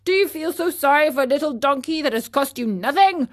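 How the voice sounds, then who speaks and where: A woman reading aloud and voicing a firm, businesslike older male farmer who speaks slowly. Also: high-pitched, animated, pitched above the performer's own voice. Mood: stern. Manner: slow, firm, bargaining.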